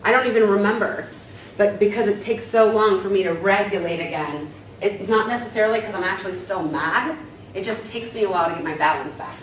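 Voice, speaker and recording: A woman's voice: mid-range voice, brisk. A woman counselor giving a casual training lecture, often checking in with "right?". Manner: casual, tags points with "right?". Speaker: counselor teaching a staff training. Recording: echoey room from far off, faint noise.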